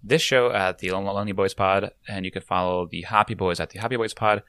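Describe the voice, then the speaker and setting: Male podcast co-host, low pitch, sharp bright tone, upbeat chatty delivery, dry close mic. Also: steady tone, fairly quick, smooth, dry recording. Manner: upbeat, laughs easily. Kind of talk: casual podcast chat.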